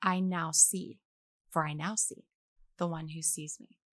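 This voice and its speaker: A young adult woman, a guest on a faith podcast, talking in a casual, animated way and acting out the voices she quotes. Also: low voice, measured pace, no echo, clean studio sound. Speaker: guest, actress.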